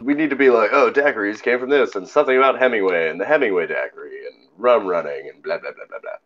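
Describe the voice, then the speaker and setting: Man, casual podcast chat, lively storyteller, swears a lot, lowish voice, lo-fi sound. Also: fast talker. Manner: animated storytelling, swears freely. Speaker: podcast co-host.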